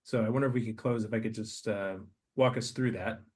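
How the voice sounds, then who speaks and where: A man hosting a podcast, leading listeners through a slow guided meditation with soft, hesitant restarts. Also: fairly low pitch, steady tone, breathy edge. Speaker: podcast host.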